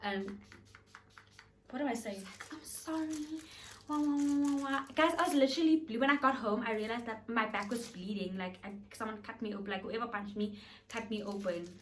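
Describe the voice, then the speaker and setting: A woman's voice: mid-range voice, a little fast. A young woman telling a storytime on her vlog, chatty and dramatic. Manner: dramatic, chatty, animated retelling with acted quotes. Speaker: beauty vlogger. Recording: voice a bit far from the mic.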